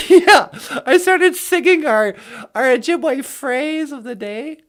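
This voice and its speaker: A woman's voice: sits high, lively intonation, slow. A woman co-hosting a casual vlog, teaching an Ojibwe phrase of the day in a playful, goofy way and laughing often.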